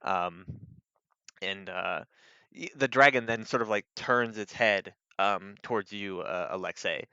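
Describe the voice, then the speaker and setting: A lower-voiced man narrates a live-streamed tabletop game as game master, halting over fillers as he describes the scene. His voice is bright and smooth, but the mic sounds dull and lo-fi. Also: dry recording. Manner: halting, full of "like" and "um".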